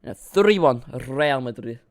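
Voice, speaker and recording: A man gives loose, excitable play-by-play of a football match while chatting to his stream, often poking fun at himself. His voice comes across smooth and clear, at an ordinary pitch, recorded dry and close with no room around it. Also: unhurried, no room sound. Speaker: live watchalong streamer. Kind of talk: casual play-by-play commentary.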